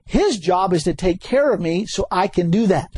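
In a sermon, a man speaks at a moderate pace in a husky voice. He is animated and keeps chuckling, repeating key words before jumping into sudden high exclamations.

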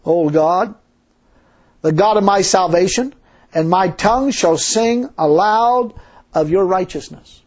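A man's voice: sits high, takes it slowly, pauses often. A man preaching a sermon in a folksy, emphatic way, full of rhetorical questions. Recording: dull lo-fi sermon recording.

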